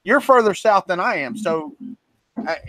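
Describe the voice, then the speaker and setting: A man's voice: high-pitched, animated, unhurried, sharp tone, no echo. A man from Florida with a Southern accent, co-hosting a livestream in casual, teasing, rambling chat. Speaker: co-host of a livestream.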